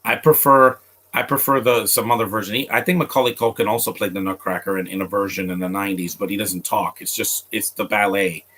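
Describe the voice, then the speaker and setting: A man chatting casually to his live viewers as he reacts to a film. He rambles, trips over his words and restarts sentences often. His voice sits a little low but sounds bright and forceful. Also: steady tone, fairly quick, husky. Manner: chats directly to viewers.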